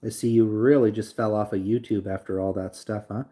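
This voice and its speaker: A man's voice: on the low side, fairly even intonation, brisk, warm tone. A young man talking loosely to his live stream audience, rambling with lots of fillers and reading chat aloud. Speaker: livestream host.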